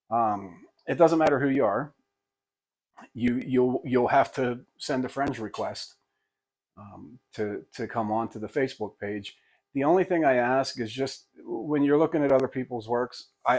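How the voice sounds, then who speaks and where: A man's voice: mid-range voice, a little mellow. An older man, a pastor and hobby woodworker, talking casually to camera in a rambling, folksy, self-deprecating way with many restarts.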